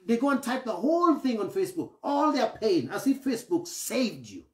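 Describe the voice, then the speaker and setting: Male preacher, lively pitch, checks in with the congregation, echoey room. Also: brisk. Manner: asks the congregation for assent often; acts out grumbling voices to illustrate. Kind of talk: sermon.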